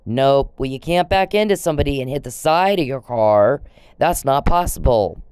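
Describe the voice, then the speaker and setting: A woman's voice: rumbling low, expressive, moderate pace, a little mellow, smooth, dry recording. A woman vlogging in a rambling, indignant to-camera rant, swearing freely.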